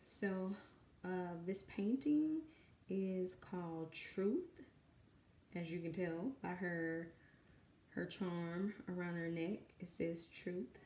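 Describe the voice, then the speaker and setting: Southern woman, low voice, dry and nervous, rambling with lots of ums, echoey home room. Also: slow, dark tone, a little hiss or hum. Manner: rambling, self-conscious, many fillers. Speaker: artist and mother. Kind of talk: nervous painting vlog. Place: home room with kids in the background.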